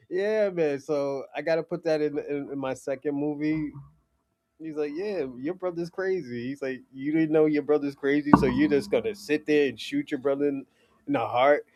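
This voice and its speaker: Laughing, rambling man with a higher voice. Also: normal speed, a little mellow. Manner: laughs often, stumbles and restarts, swears. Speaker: filmmaker talking about his movie. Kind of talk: rambling casual monologue.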